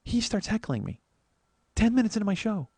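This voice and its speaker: Male podcast host, rapid and animated, slightly raised pitch, dry close mic, swears a lot. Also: husky, dry recording. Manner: profane, animated, acts out quotes. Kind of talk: solo storytelling monologue.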